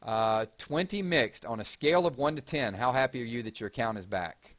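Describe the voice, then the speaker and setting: Brisk and expressive, his medium-pitched voice carries a Georgia Southern accent. He's the host of a casual livestream, chatting as he reads comments out loud and offers shout-outs.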